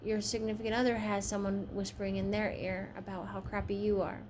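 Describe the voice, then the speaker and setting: A woman's voice: mid-range voice, flat delivery, brisk, a little mellow, a little hiss or hum. A woman giving a casual tarot reading, chatty and frank, tired from a long shift. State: tired, yawning. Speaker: tarot reader.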